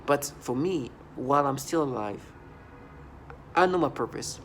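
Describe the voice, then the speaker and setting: A man's voice: mid-range voice, animated, a bit bright, slight background noise. A man talking to camera in a personal video monologue, earnest and agitated, often breaking off words and restarting. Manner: halting, with frequent restarts and broken-off words. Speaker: vlogger.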